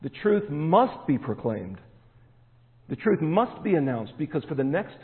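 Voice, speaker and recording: A man's voice: on the high side, big pitch swings, a little slow. A man preaching a sermon as pastor, emphatic and stressing key words. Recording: echoey hall, tinny phone-like sound.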